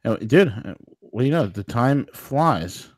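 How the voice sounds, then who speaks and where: A man's voice: mid-range voice, big pitch swings, takes it slowly, darkish tone. A man co-hosting a casual radio talk show, agreeing easily and speaking in a laid-back way. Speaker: co-host. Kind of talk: casual chat.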